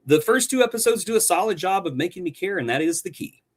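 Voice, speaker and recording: A man's voice: sits high, lively intonation, fast talker. A man co-hosting a podcast, reviewing a show with sarcastic, theatrical banter. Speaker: podcast co-host.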